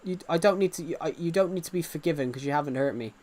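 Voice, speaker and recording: A man's voice: on the high side, rapid-fire, a little mellow. A man live-streaming a game, chatting casually and reassuring viewers, often repeating himself. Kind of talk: casual live-stream chat while gaming.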